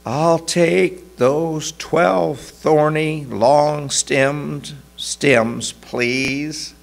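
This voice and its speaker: Male preacher doing a bitter grieving woman, low and slow, husky. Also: lively intonation, heavily acted.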